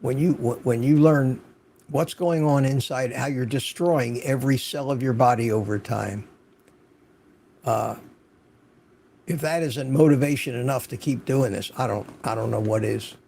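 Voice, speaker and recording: An older man hosts a casual livestream chat, greeting viewers by name and repeating words for emphasis. His voice is medium-pitched, creaky and mellow, with a measured pace, and there's a little hiss or hum.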